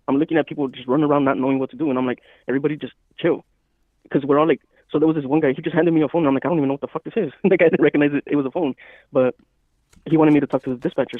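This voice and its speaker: A man co-hosting a casual podcast chat, talking in a calm, even, matter-of-fact way. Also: mid-range voice, no room sound. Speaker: podcast co-host. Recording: dry, phone-like thin sound.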